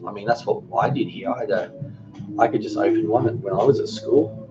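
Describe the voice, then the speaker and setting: A man's voice: fairly low pitch, a little fast. An Australian man in his forties hosting a cooking channel, chatting casually on a live stream, reading viewer comments aloud and often restarting his sentences. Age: 40s. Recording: dull lo-fi stream audio with music. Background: music.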